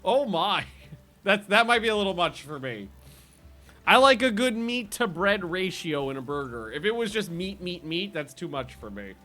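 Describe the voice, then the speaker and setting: A man's voice: high voice, sing-song, normal speed, pushed and bright. A man casually chatting with viewers while streaming a game, rambling and laughing often.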